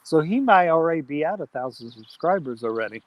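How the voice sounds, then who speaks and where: A man hosts an outdoor campfire live stream, his voice on the high side, animated, and fairly quick. He chats casually, reads viewer comments aloud, and gives friendly shout-outs.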